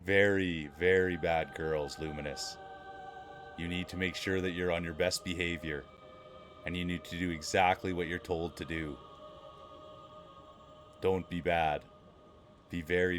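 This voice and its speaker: A man voicing a sultry romance-novel narrator, reading in a slow, hushed, drawn-out way. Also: sits low, fairly even intonation, soft background music, pitched below the performer's own voice. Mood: stern.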